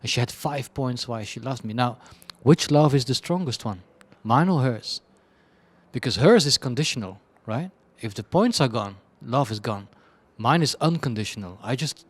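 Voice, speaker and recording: A man, a creative director, answering interview questions in a candid, chaotic way, bluntly and with self-deprecating asides. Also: medium pitch. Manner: chaotic, rambling, frequent restarts and laughs.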